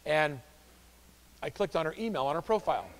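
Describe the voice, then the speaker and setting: A man giving a live real estate training seminar, telling stories in an animated way and acting out the voices of the people in them. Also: a little high, brisk, in a large hall. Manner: animated, acts out quoted voices. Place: office training room.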